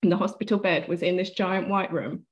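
A woman's voice: fairly low pitch, fairly even intonation, brisk, dull audio. A woman guest on an interview, telling a personal story earnestly and vividly, acting out what was said. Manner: earnest, vivid retelling with acted-out quotes.

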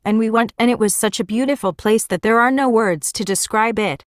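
A woman's voice: on the high side, fairly quick, no room sound, studio quality. A woman giving a first-person religious vision testimony in an earnest, plain storytelling manner.

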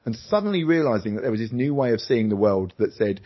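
A middle-aged man, an interview guest and former TV presenter, telling a personal story candidly and animatedly, jumping into high voices for quoted lines. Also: expressive, fast talker, few pauses, breathy edge. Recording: slightly dull lo-fi sound.

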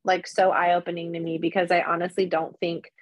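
A woman in her thirties, a podcast guest chatting casually and telling animated stories with lots of fillers. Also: lowish voice, a little fast, no echo, highs cut off. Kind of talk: casual chat.

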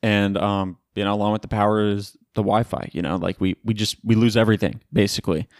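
A man's voice: fairly low pitch, fairly even intonation, fast talker, no room sound, studio quality. A young man from Florida hosting a casual solo podcast from home, joking and swearing in slangy chat. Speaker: podcast host. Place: home room by a window in a hurricane.

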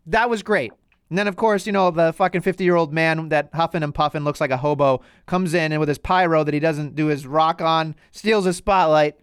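High-pitched guy ranting on a podcast, cussing a lot, super dry close mic sound. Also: brisk, clear, resonant tone, no echo. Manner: animated, profane ranting. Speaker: podcast co-host. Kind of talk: casual chat.

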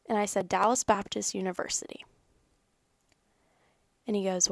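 A woman's voice: medium pitch, brisk, gravelly, long pauses, darkish tone, dry recording. Earnest young woman, dry close sound. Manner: earnest, rambling, conversational. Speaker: faith vlogger. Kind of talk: personal faith talk to camera.

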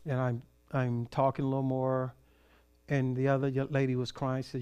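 A man's voice: medium pitch, normal speed, clear, resonant tone. A middle-aged man from California, a pastor telling a story in a sermon and acting out the voices of the people he met. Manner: animated storyteller, acts out quoted voices.

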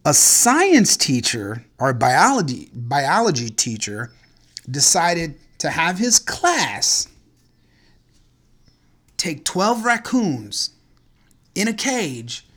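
A man's voice: fairly high pitch, wildly swooping pitch, slow pace, long pauses, pushed and bright. A man hosting a podcast in casual chat, ranting in a profane, incredulous way about strange news stories. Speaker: podcast host.

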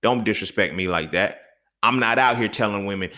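Heated, profane young man ranting. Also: fast talker. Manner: heated, profane, swings between loud outbursts and low mutters. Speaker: podcast host. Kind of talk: solo podcast rant.

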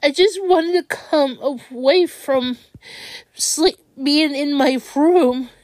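Young woman, upset vlog rant, high voice, halting delivery, dry close sound. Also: darkish tone, no echo. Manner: upset, halting, restarts sentences often. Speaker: vlogger. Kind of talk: venting monologue.

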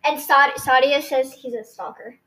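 A woman's voice: high-pitched, fairly even intonation, normal speed, fairly bright tone, low-quality recording. A teenage girl who is a guest on her friend's podcast, teasing her friend and telling her own story with some hesitation. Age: teens. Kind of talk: casual chat.

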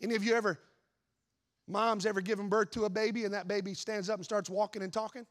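Speaking fast in a high-pitched voice, this man preaches as a pastor. He narrates a story to the congregation with animated flair, tossing out rhetorical questions and voiced asides.

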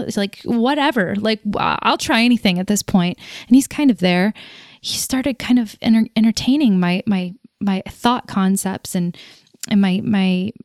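A woman talks through a loose, reflective monologue as host, drifting off on tangents and laughing at her own remarks. Her voice is smooth and clear. It is recorded close and dry, with no room sound. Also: mid-range voice, a little mellow, no echo. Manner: rambling, goes off on tangents; laughs at herself.

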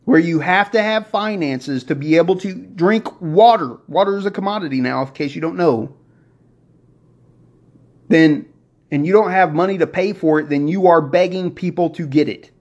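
A man hosting a motivational podcast, preaching excitedly and working himself up as he talks. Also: fairly high pitch, normal speed. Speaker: podcast host. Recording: dull lo-fi recording.

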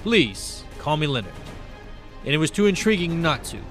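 A man voicing an upbeat, friendly male psychiatrist who speaks eagerly, well above his own pitch. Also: big pitch swings, moderate pace, music in the background. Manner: eager, cheerful.

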